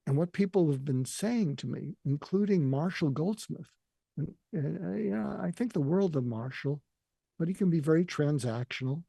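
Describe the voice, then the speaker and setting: An older man telling a deeply personal story in an earnest, emotional way, often quoting what others said to him. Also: animated, normal speed, creaky, mellow, husky, no echo, clean studio sound. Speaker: guest.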